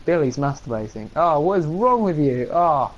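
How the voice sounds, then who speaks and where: A man co-hosting a podcast, swearing and joking through crude banter with loud outbursts. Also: a little high, big pitch swings, moderate pace, dull audio. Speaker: podcast co-host.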